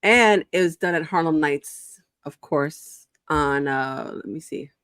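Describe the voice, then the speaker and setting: A woman's voice: low voice, slow pace, fairly bright tone, clean tone, dry recording, studio quality. A woman hosting an interview show, introducing her guest with enthusiasm. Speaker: host.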